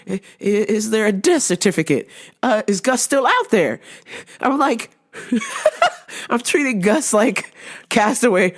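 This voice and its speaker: A woman vlogger tells stories in a casual, chatty monologue. Her pitch swoops lively up and down, and she laughs often. She exaggerates as she retells things. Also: slow pace.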